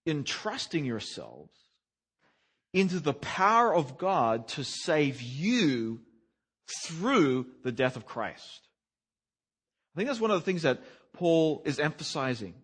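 Animated husky male preacher. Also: mid-range voice. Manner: animated, swings between emphatic rises and soft drops. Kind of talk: expository sermon.

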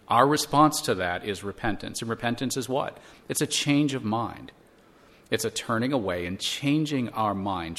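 A man's voice: on the low side, a bit bright. A man teaching a church Bible lesson, earnest and explanatory, using rhetorical questions and frequent restarts.

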